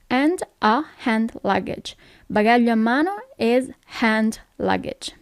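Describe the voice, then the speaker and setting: A woman with an Italian accent teaches a language lesson at a very slow, patient pace and repeats each phrase. Her voice sits a little high. The recording is dry and close. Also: animated, no room sound. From Italy.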